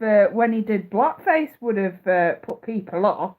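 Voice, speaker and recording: A woman's voice: on the high side, big pitch swings, unhurried, few pauses. A British woman in her thirties, a psychic reader chatting casually on a live stream, blunt and profane and often laughing. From United Kingdom. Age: 30s. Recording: tinny phone-like audio.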